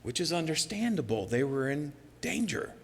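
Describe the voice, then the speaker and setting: A male pastor preaching a sermon in an earnest, personal way, sometimes dropping to a soft near-whisper for emphasis. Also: on the high side, sing-song, moderate pace, gravelly, slightly rough, big-room sound. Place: church sanctuary.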